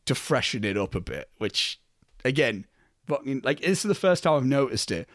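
A young man co-hosts a casual film podcast, swearing freely, laughing, and acting out characters' lines. His mid-range voice is very animated at a normal speed, recorded in studio quality with no echo.

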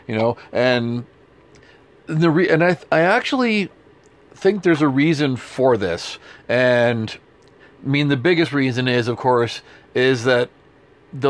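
A man's voice: medium pitch, measured pace. Emphatic, sarcastic male political talk host. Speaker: podcast co-host.

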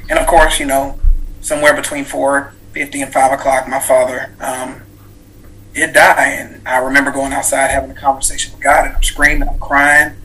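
Speaking as an interview guest, this thirty-something author tells of an experience that changed his life, earnest and reflective but full of fillers and restarts. A bright, forward voice at medium pitch keeps a level tone at normal speed, captured in a low-quality recording.

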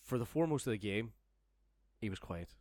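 Young man, low voice, rambling sweary storytelling, dry close sound. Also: animated, brisk, darkish tone, no room sound. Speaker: storyteller guest. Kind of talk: casual podcast anecdote.

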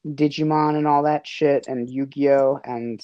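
Young female host, very deep voice, rambly and restarting her sentences, dry close sound. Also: fairly even intonation, unhurried, dark tone, no room sound, muffled recording. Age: young adult. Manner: rambling, self-interrupting. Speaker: podcast host. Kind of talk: casual chat.

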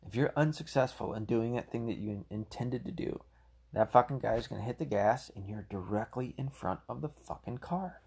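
A man's voice: mid-range voice, a little fast, creaky, a little mellow, husky. A man giving a heated, rambling solo commentary, full of swearing. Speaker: political commentator.

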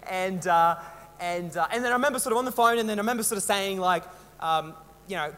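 Young Australian man, preacher, high voice, rambling casual sermon, long hall echo. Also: expressive, fast, pushed and bright, slight background noise. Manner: chatty, rambling, self-mocking with many fillers. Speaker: pastor.

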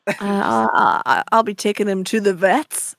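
A woman's voice: medium pitch, a little slow, gravelly, fairly bright tone. An Irish woman, a musician guest on a radio show, chatting playfully and rambling with frequent laughter. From Ireland. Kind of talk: casual radio chat.

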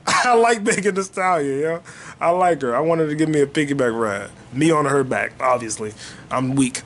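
A man hosting a podcast, riffing in a loose, jokey comedic monologue that jumps into high excited bursts. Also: moderate pace. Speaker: podcast host.

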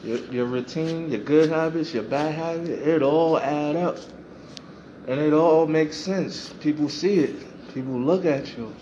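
A man's voice: a little high, measured pace, warm tone, muffled recording, a little hiss or hum. A man hosting a podcast, giving a reflective motivational monologue and repeating phrases for emphasis. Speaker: podcast host.

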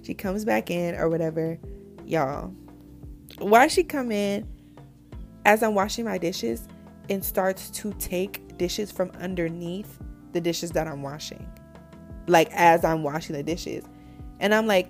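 A woman's voice: fairly low pitch, measured pace, long pauses, soft background music. A young woman telling a story in a casual, candid way, with blunt slang, talking straight to her listeners. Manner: animated and candid, addresses listeners as "y'all"; blunt slang-heavy speech.

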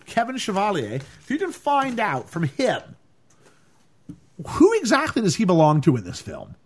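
Animated man with a swooping voice. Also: normal speed, slightly rough. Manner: animated, laughing, swings between high and low. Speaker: podcast co-host. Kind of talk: casual film discussion.

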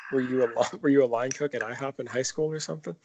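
This is a man in his thirties, talking casually on a podcast, loose and joking, with a lot of swearing. His pitch sits at an everyday middle level for a man. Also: fairly even intonation, quick pace, crowd noise. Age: 30s. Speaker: podcast co-host. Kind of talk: casual chat.

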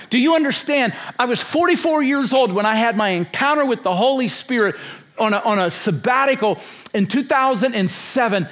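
A man in his sixties preaches with an emphatic, repetitive delivery and fires rhetorical questions at the crowd. His voice sits fairly high for a man. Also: animated, fairly quick, fairly bright tone. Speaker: conference speaker. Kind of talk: sermon.

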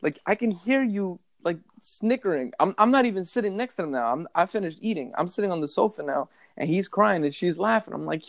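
A man in casual podcast chat, telling animated stories about his son with lots of swearing. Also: high-pitched, fairly quick, creaky, hardly any pauses, no echo, clean studio sound. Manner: animated storytelling, heavy swearing.

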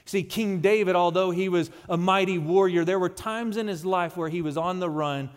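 A man preaching a sermon as pastor, emphatic and slowing down on key phrases. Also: high-pitched, smooth. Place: church sanctuary. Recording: long hall reverb.

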